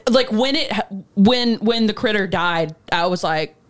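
A woman's voice: medium pitch, animated. Chatty podcast co-host woman. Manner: chatty, many fillers, quick agreement. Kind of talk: casual chat.

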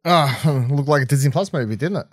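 A man's voice: fairly high pitch, fast talker, breathy edge, no room sound. Guy cohosting a movie podcast, voice bouncing all over, swears a lot, dead dry mic. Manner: animated, blunt, swears freely. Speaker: podcast co-host. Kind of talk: casual film chat.

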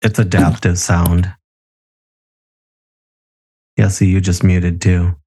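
A man's voice: low-pitched, level tone, takes it slowly, darkish tone, slightly rough. A tipsy man co-hosting a casual podcast over a remote call, swearing freely and laughing often. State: a little tipsy. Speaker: podcast co-host. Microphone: remote call recording.

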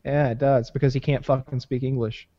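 A man talking loosely on a podcast, swearing freely and circling back on his sentences. His voice is mid-pitched and dry, and the recording is a bit muffled. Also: flat delivery, fairly quick, dark tone, dry recording. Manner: rambling, swears often, many fillers and restarts. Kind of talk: casual profane banter.

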